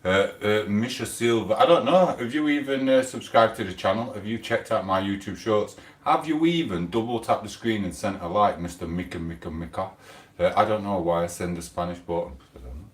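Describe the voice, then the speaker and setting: A man's voice: on the low side, a little fast, roomy sound, distant mic. A man with a British accent casually chatting to his live stream viewers, rambling and mumbling fillers. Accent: British English. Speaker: livestreamer.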